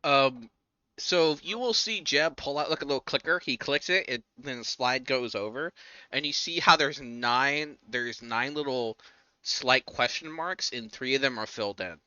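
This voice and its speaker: A man's voice: mid-range voice, moderate pace, pushed and bright, clear, resonant tone, no echo. A man narrating a tabletop game as game master, describing scenes with hesitant fillers. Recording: dull lo-fi mic.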